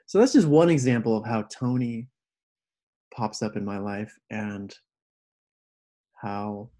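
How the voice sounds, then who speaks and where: A man's voice: lowish voice, slow pace. A man telling a personal story in casual conversation, acting out the people he quotes with animation. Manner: animated, acts out quoted voices. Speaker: podcast guest.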